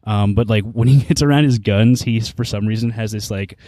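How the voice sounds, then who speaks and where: A man's voice: on the low side, fairly quick, mellow, no room sound. A man hosts a casual podcast in a laid-back, rambling way. He laughs easily between his thoughts. His voice is close and dry, with no room sound. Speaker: podcast host.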